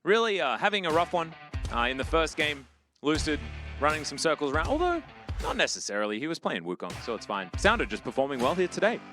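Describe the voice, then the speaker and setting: Lively esports caster over game music. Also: male voice, quick pace. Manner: chatty, talks straight to chat viewers; surges loud and high on big plays. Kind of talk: live play-by-play commentary.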